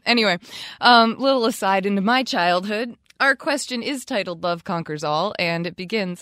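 Casting note: young woman co-host, animated and fairly high voice, chatty and giggly, dry studio mic. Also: normal speed, dry recording. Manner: chatty, many "like" fillers, laughs often. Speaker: podcast co-host. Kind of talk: casual podcast chat.

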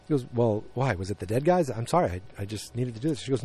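A man's voice: mid-range voice, animated, fast talker, dark tone, husky. A man casually retelling a TV episode, rambling with lots of fillers and quoted lines. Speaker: podcast host recapping a TV episode. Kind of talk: casual chat.

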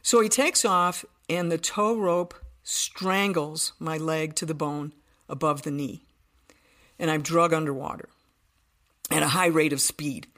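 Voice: medium pitch, steady tone, measured pace, a bit bright. A podcast guest telling a personal story in earnest detail, often restarting sentences.

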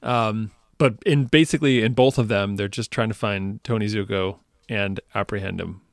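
A man's voice: fairly low pitch, normal speed, dry recording, clean studio sound. A man co-hosting a podcast, chatting casually with a wry, joking manner. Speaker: podcast co-host. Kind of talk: casual chat.

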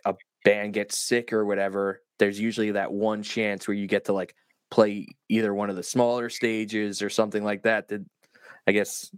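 A man hosting a casual podcast, asking measured questions. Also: fairly low pitch, no room sound. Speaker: podcast host. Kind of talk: casual chat.

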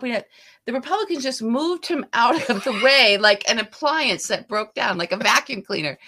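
A woman's voice: on the high side, sing-song, a little slow, bright, forceful tone. A woman co-hosting a podcast in casual political chat, chatty, often trailing off and restarting her sentences. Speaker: podcast co-host.

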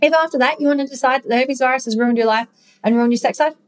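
A woman's voice: high voice, fast. A woman hosting a podcast, telling her own story in a frank, casual way, swearing freely and earnestly encouraging her listeners. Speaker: podcast host. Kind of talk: personal storytelling monologue.

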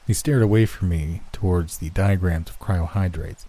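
Low, warm male horror narrator. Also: normal speed, hardly any pauses, slightly rough. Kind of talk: scripted first-person narration.

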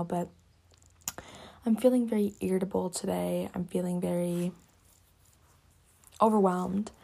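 A young woman hosting a reflective solo talk from her cabin, speaking softly and haltingly, often dropping to a whisper. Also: medium pitch, vocal fry. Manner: soft-spoken, halting, often drops to a whisper. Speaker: podcast host.

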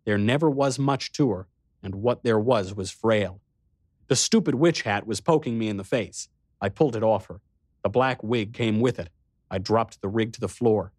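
A man narrating an audiobook in the first person, steady and measured. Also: on the low side, no echo, studio quality.

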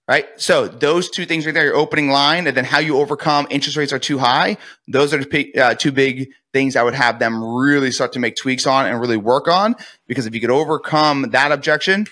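Bright-voiced man coaching in a fast, lively way. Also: mid-range voice. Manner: energetic, acts out sales call scripts. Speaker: real estate coach. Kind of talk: podcast guest interview.

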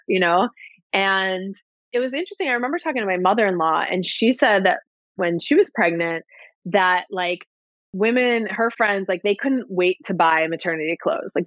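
A woman's voice: mid-range voice, fairly quick, no room sound. Chatty woman guest on a tinny line. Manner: chatty, fills speech with "like" and "you know". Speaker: podcast guest. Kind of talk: casual storytelling in an interview. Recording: tinny phone-like line, dry.

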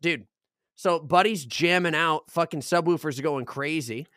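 A man's voice: a little high, moderate pace, no room sound, clean studio sound. A young man from Arizona co-hosting a podcast, telling a long story in casual, swear-filled chat and acting out the voices of the people in it. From Arizona, United States. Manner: animated, swears a lot, acts out voices in his stories. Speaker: podcast co-host.

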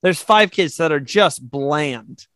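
A man co-hosting a casual sports podcast, relaxed and chatty, often laughing and restarting his sentences. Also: on the high side, slow, no echo. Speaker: podcast co-host. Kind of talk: casual chat.

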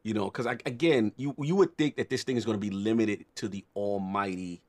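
A man co-hosting a casual gaming podcast, talking in a relaxed way full of "you know"s. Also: lowish voice, brisk. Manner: relaxed, many "you know" and "mm-hmm" fillers. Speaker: podcast co-host.

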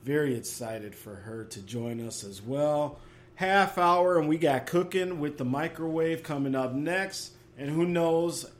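A man hosting a live sports call-in show, loud, hyped and playful with callers. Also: fairly high pitch, a little slow. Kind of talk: live call-in radio chat.

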